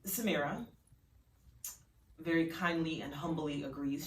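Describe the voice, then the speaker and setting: A woman's voice: lowish voice, expressive, takes it slowly, long pauses. A woman casually narrating her own story in a chatty, rambling way. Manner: chatty, filler-heavy. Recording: roomy, distant mic.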